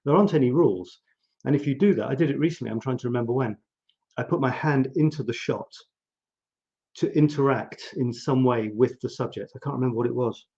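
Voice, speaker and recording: A man's voice: mid-range voice, fairly quick, darkish tone, highs cut off. A man casually hosting a live photography stream, musing aloud and talking straight to his viewers. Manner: chatty, musing, talks to viewers directly. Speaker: host of a live photography show.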